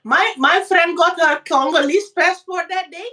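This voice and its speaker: A woman from the Caribbean with a high, bright voice, chatting as a podcast co-host. She tells stories with animation and jumps into squeaky, acted-out voices. She sits a little back from the mic. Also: measured pace, distant mic. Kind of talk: casual chat.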